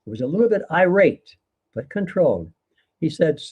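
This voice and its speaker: A man's voice: on the high side, sing-song, normal speed, darkish tone, slightly rough. An older man, a guest author in a live conversation, speaking earnestly and lecturing, with occasional laughs.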